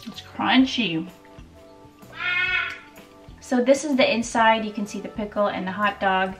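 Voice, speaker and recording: A woman's voice: mid-range voice, a little fast, recorded from a distance. A woman hosting a casual cooking and tasting vlog, talking in an upbeat, chatty way with light laughs. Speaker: cooking vlogger and host. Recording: off-mic with faint background music.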